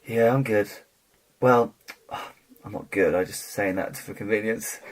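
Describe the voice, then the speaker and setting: A young man co-hosting a podcast, joking in a dry, deadpan way. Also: on the low side, a little slow. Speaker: podcast co-host. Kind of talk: casual chat.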